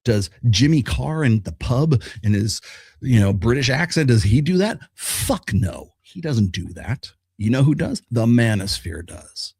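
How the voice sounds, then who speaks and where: A man's voice: mid-range voice, sing-song, unhurried, gravelly, a little mellow, husky, no echo, studio quality. A middle-aged man hosting a podcast, delivering a blunt, profane monologue full of rhetorical questions and restarts. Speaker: podcast host.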